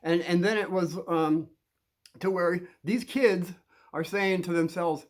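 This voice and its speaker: A man's voice: high voice, a little slow. A man talking to the camera and giving casual advice, rambling with many fillers and restarts. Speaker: advice vlogger.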